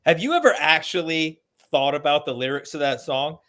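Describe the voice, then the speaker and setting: Sarcastic Alabama man, higher voice. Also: normal speed. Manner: sarcastic, swearing, animated mock outrage. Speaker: podcast co-host. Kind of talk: casual comedic chat.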